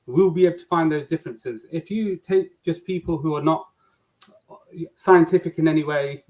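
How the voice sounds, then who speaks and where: A man with a Nottingham English accent explaining his views at length, steady and earnest. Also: fairly high pitch, rough recording. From England. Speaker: guest.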